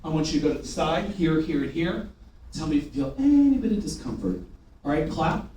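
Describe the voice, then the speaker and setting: A man's voice: fairly high pitch, brisk. A man running a live sales training, firing rhetorical questions and getting the room to repeat after him. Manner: energetic, rhetorical questions, call-and-response with the room. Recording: echoey room from far off, faint noise.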